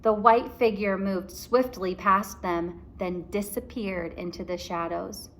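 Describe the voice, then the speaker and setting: Expressive woman teacher reading aloud. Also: mid-range voice. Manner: slow, explanatory, expressive.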